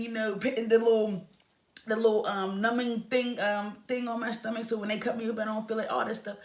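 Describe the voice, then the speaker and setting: A young woman telling a personal story in a casual, emotional way, with big swings in her voice. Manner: animated, emotional retelling with lively pitch swings. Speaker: vlogger telling a birth story.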